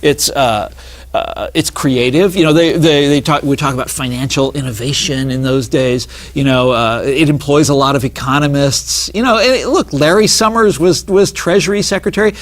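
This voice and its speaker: A man talking as an author and interview guest, animated and digressive, with many asides and restarts. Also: fairly high pitch, normal speed. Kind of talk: casual interview talk.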